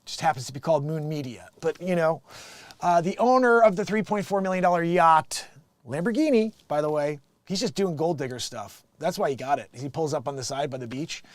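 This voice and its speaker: A man's voice: a little high, lively intonation, a little fast, no room sound. A man hosting a casual online show, reading news stories and riffing on them with jokes. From United States. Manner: joking, acts out quotes. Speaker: vlog host reading news.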